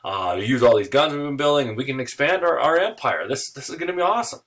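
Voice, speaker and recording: A man teaching history in a casual, jokey lecture, acting out nations in quick voices. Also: mid-range voice, lively intonation, fairly bright tone.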